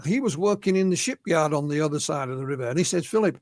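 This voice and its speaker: This is an Englishman, high in pitch, talking as an interview guest. He retells witness accounts, sprinkling his speech with "you know". The sound is dry and close. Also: fast, no echo. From England. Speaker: guest, UFO researcher and author. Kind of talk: anecdotal storytelling in an interview.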